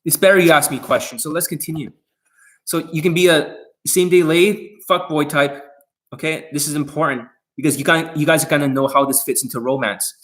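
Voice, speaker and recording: A man's voice: on the high side, fairly even intonation, a little fast, fairly bright tone. A man coaching viewers on dating in a livestream Q&A, talking bluntly and aggressively, swearing often and speaking straight at his audience. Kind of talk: profane livestream Q&A rant.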